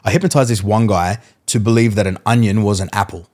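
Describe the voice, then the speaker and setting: A man, a mentalist guest, telling animated stories in casual podcast chat and acting out what people said. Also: lowish voice, quick pace. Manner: animated storyteller, acts out quotes, laughs mid-story.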